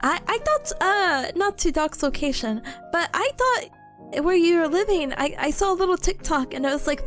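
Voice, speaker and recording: A bubbly, giggly American woman hosts a casual livestream chat with her viewers. Her voice sits high and swoops up and down a lot, with soft music playing faintly underneath. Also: lively intonation, moderate pace. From United States.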